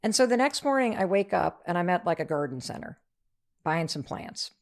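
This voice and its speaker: A middle-aged woman, an author, telling a story as an interview guest, lively and acting out the voices of the people in it. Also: lowish voice, moderate pace. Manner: energetic, acts out quoted voices.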